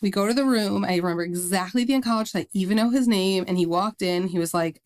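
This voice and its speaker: A woman's voice: medium pitch, fast talker, few pauses. Woman animatedly retelling a hard story. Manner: animated retelling with many "like" fillers, acting out quotes. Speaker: guest sharing her story. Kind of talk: conversational storytelling.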